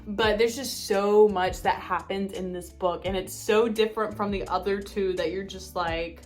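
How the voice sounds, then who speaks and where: A bubbly young woman in her twenties chats about books, her voice lively and quick when she gets worked up. She gushes and piles on fillers in a casual, chatty way, with faint music playing underneath. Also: medium pitch. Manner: bubbly, gushing, full of fillers; speeds up when excited. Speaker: book vlogger. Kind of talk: casual chat.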